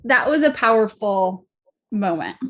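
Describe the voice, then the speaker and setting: A woman's voice: mid-range voice, expressive, unhurried, highs cut off. Encouraging woman hosting an interview. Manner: encouraging, laughs along. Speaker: podcast host. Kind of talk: conversational interview.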